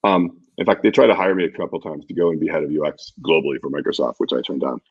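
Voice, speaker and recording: Fast-talking man telling old stories. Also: very deep voice, slightly rough, muffled recording. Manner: animated storyteller, acts out quoted dialogue. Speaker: guest. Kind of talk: storytelling in a podcast interview.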